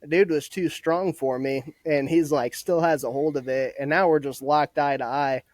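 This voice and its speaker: A man's voice: a little high, steady tone, normal speed, darkish tone, no echo. A young man in his twenties, a podcast guest telling casual stories about his army training, laughing often and swearing freely. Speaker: podcast guest, former soldier. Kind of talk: casual storytelling.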